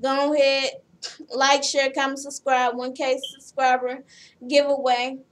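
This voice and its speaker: High voiced lady doing a casual show recap, blunt and cussing, sounds kinda far from the mic. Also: level tone, unhurried. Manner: blunt, profane, chatty storytelling. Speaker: vlogger recapping a reality show.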